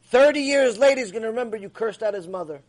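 A man giving an animated, emphatic ethics lecture as a Torah teacher. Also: high-pitched, fast.

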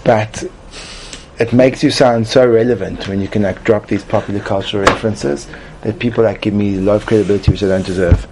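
A man's voice: on the low side, fairly even intonation, fairly quick. Guy rambling thru a joke lesson, lots of like and restarts, faint room hum behind. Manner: rambling, repeats and restarts, frequent "like". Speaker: comedic class presenter. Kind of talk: mock-instructional comedy talk.

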